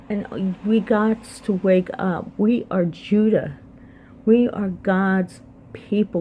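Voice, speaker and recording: Middle-aged woman, personal testimony vlog, earnest, repeats herself, low and mellow, unhurried. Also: a little hiss or hum. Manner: earnest, repeats phrases for emphasis. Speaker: vlogger sharing her life story.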